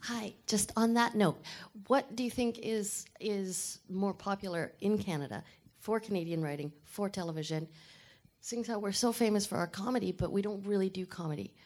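A woman's voice: medium pitch, moderate pace, darkish tone. A woman in the audience asking the panel a question in a chatty, curious way, heard from a distance. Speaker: audience member.

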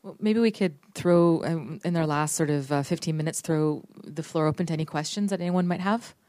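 A woman with a low, warm, mellow voice moderates a live panel. She speaks fast and practically, and keeps the audience questions moving. Her voice sounds close and dry. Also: no echo. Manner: brisk and practical, steering the questions.

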